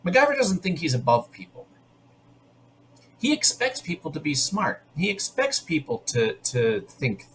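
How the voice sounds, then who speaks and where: A man's voice: a little high, wildly swooping pitch, a bit bright, a little hiss or hum. Chatty man hosting a podcast. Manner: chatty and opinionated, talking in quick bursts with restarts. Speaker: podcast host. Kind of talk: casual episode recap.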